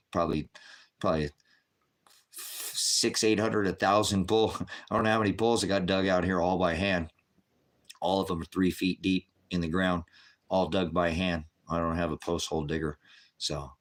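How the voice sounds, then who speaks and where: Deep-voiced combative man in his fifties. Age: 50s. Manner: combative, answering trolls in chat; blunt, repetitive retorts. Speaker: livestream host. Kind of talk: confrontational live chat.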